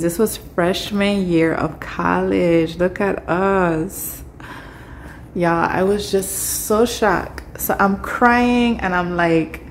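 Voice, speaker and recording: Young woman vlogger, low gravelly voice, chatty and emotional, phone-recorded with faint noise. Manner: chatty and emotional, addresses viewers as y'all. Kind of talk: casual vlog talk to camera. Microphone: phone camera.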